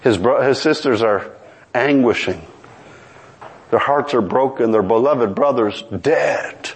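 On a low-quality recording, a man preaches slowly, telling scripture stories in an animated way. He voices the characters' quotes, his pitch and pace swinging dramatically.

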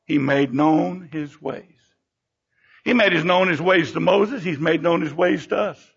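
Older male preacher, high husky voice, fervent sermon with swinging emphasis. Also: measured pace. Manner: fervent preaching, sudden rises and drops in pitch and volume. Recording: dull lo-fi recording.

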